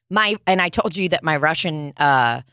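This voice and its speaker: A woman's voice: low voice, lively intonation, a little slow, sharp tone, no echo, studio quality. A young woman co-hosting a casual chat, rambling and swearing now and then.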